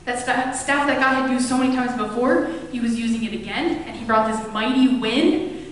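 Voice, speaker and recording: A woman pastor preaches in a relaxed, storytelling way, slipping into casual voices as she retells scripture. Her voice sits a little high. It rings out through a big, reverberant church hall, picked up from a distance. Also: normal speed, a little hiss or hum. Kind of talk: sermon. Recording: echoey hall, mic at a distance.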